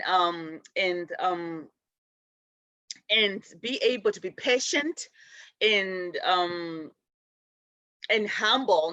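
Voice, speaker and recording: A middle-aged woman hosting a spiritual show, teaching gently in a loose, rambling way with many restarts. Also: medium pitch, no echo, muffled recording.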